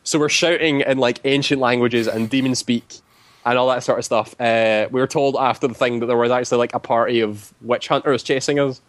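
A man's voice: medium pitch, fairly even intonation, brisk, no echo. Casual male storyteller, rambling delivery full of fillers, dry close sound. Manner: rambling, heavy use of "like" fillers. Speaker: tabletop game player.

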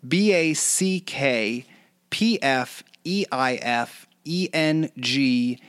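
A man co-hosting a casual chat, talkative and quick to laugh, who spells out words letter by letter. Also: mid-range voice, a bit bright, clear, resonant tone, dry recording, studio quality. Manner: chatty, laughs often, spells words out slowly. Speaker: podcast co-host.

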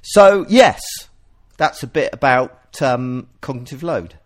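A man hosting a podcast, explaining ideas in a casual, animated way and often restarting his sentences. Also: mid-range voice, takes it slowly. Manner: animated, explanatory, self-interrupting. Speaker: podcast host.

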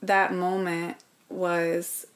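A woman's voice: fairly low pitch, little pitch movement, drawn-out words. A woman, speaking as an interview guest and telling a personal story in an earnest, reflective way. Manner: earnest, reflective, drops to a whisper at painful moments.

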